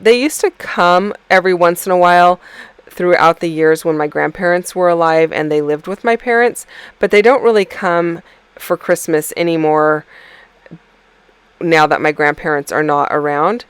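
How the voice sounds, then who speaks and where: Smooth-voiced woman chatting over crafting. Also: low voice, moderate pace, dry recording. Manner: rambling, chatty, many ums and self-corrections. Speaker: scrapbooking video creator. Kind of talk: casual voice-over narration of a craft process.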